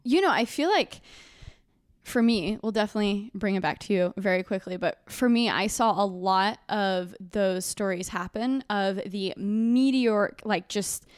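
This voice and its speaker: A woman's voice: mid-range voice, a little slow, no echo, clean studio sound. Reflective woman interviewer. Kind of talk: conversational interview.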